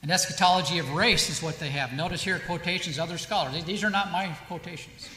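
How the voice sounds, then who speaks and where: A man's voice: sits high, fast, bright, forceful tone, slight background noise. Emphatic male lecturer in an echoey hall. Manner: emphatic, asks rhetorical questions and answers them. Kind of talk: lecture with read-out quotations. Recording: echoey hall with long reverb.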